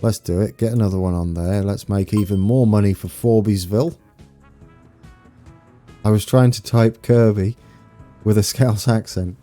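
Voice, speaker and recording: A young man with an East Anglian accent chats loosely through a live game stream, laughing at his own slips and greeting viewers. His voice sits low, with a dark, mellow tone. Faint music plays behind him. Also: steady tone, normal speed, pauses often. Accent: East Anglian English. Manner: chatty, self-mocking, laughs often, reads out viewer names. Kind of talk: casual live-stream chat while playing.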